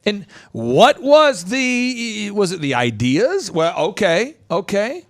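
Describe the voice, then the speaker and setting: Brief: energetic male business coach hosting, high lively voice, pushes hard with questions. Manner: animated, emphatic, rapid-fire rhetorical questions. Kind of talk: energetic podcast talk.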